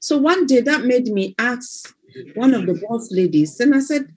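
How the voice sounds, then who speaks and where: A woman hosts a casual motivational live stream, telling stories with excitement and laughing easily. Her voice is husky and fairly high. Its pitch moves around a lot. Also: moderate pace. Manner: excited storytelling, laughs readily.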